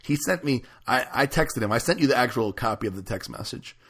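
A man's voice: medium pitch, expressive, brisk, a bit bright, slightly rough. A man hosting a podcast, trading loose, profane banter with his co-host. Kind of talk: casual chat.

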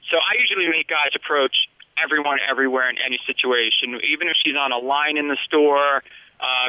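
A man talking casually as a dating coach, blunt and profane, with a quick laugh. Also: a little high, no room sound. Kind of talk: casual chat. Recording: dull lo-fi sound.

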